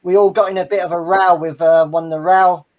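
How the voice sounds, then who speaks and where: A Cockney man with a high-pitched voice talks in a loose, rambling way. He jokes around and swears freely while reminiscing in a relaxed chat. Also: fairly quick, muffled recording. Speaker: metal radio show host and guest. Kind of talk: casual chat.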